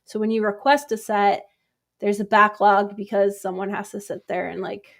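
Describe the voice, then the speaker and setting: A woman's voice: medium pitch, level tone, normal speed, vocal fry. A woman co-hosting a casual podcast, talking in a chatty way with lots of fillers. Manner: chatty, uses many fillers like "like" and "um". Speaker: podcast co-host. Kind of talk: casual chat.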